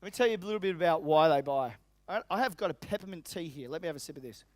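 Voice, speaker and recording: A man with an Australian accent giving an energetic, emphatic motivational seminar talk as a business coach, repeating his key phrases. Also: a little high, very fast, no room sound. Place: seminar room with tables.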